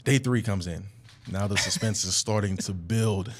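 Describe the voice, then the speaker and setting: A young man hosting a podcast, telling a story in a casual, animated way and leaping up in pitch when he acts out quotes. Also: moderate pace, noisy background. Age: young adult. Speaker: podcast host. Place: studio.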